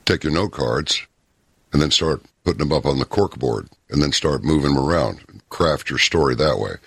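A man talking as a guest in an interview, telling stories in an emphatic, deliberate way. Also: extremely low pitch, vocal fry, fairly bright tone, husky, no room sound, clean studio sound. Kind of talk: casual interview talk.

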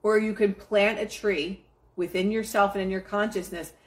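A woman's voice: mid-range voice, steady tone, normal speed. A woman hosting a live stream, giving a casual motivational pep talk to her chat in a blunt, profane, emphatic way.

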